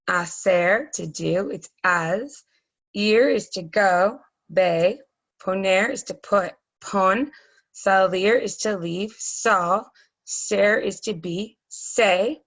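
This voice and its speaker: A woman's voice: medium pitch, fairly bright tone, muffled recording. A woman teaching a recorded Spanish grammar lesson, explaining patiently step by step with frequent ums.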